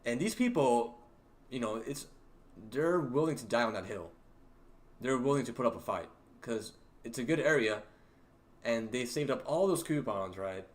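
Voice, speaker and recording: A young man hosting a livestream, telling stories about work in a rambling, halting way with many fillers and laughs. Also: mid-range voice, animated. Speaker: livestream host. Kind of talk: casual storytelling to a livestream chat.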